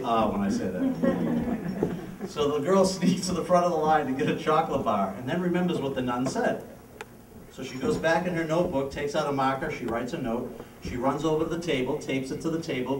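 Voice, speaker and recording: A man's voice: a little high, background noise. A man entertaining at a senior center party, telling jokes in a chatty storytelling manner and chuckling at his own punchlines. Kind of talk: live stand-up joke telling. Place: large hall at a senior center. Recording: echoey hall, distant mic, music. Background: music.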